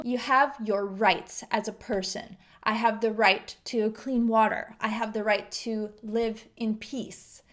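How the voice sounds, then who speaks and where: A woman with a fairly high voice teaches English idioms to learners. She explains each phrase clearly and patiently, then acts out short example lines.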